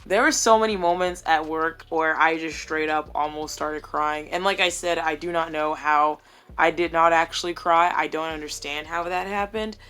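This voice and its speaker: A woman's voice: deep voice, steady tone, moderate pace, a bit bright, smooth. A young woman vlogging casually to her phone camera while doing her makeup at home, chatty, joking and candid, with plenty of swearing.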